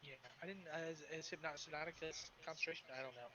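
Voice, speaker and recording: A man talks quickly in a bright, fairly high voice as a player in an online tabletop game, hurrying along and repeating himself when something won't work. His voice comes through dull, lo-fi voice chat. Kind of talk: casual tabletop game talk.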